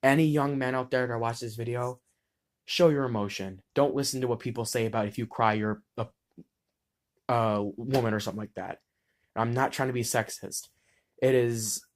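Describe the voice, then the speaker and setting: A teenage boy in eleventh grade talking straight to camera about being bullied, blunt and heated, swearing freely and restarting words mid-sentence. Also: mid-range voice. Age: teens. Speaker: student vlogger. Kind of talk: impassioned personal monologue.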